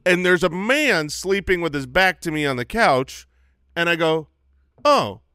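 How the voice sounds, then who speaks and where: Co-host type: a man with a high, swooping voice telling stories playfully, dry close sound. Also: a little slow, clear, resonant tone, no room sound. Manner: animated storyteller. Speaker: podcast co-host. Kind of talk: casual chat.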